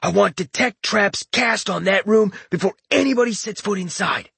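A man doing a hoarse, smug raid leader. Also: high voice, a little fast, a bit bright, no room sound, voice pushed up, exaggerated voice. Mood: bossy whisper. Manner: hoarse stage whisper, smug. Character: brash bossy male raid leader, crude gamer.

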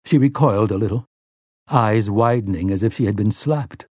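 A man narrating an audiobook in a measured, steady storytelling manner. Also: lowish voice, breathy edge, dry recording, studio quality. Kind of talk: scripted narration.

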